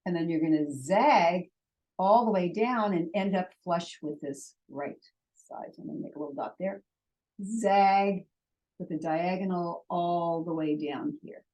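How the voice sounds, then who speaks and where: A woman gives a patient, step-by-step writing lesson. Her voice sits a little low and she talks very slowly, pausing between strokes as she demonstrates each one. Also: dark tone, rough recording. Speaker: Hebrew teacher.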